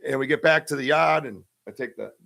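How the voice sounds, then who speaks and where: A podcast host tells a story on a live stream in a casual, rambling way, full of fillers and restarts. His medium-pitched voice is brisk, creaky, pushed and bright.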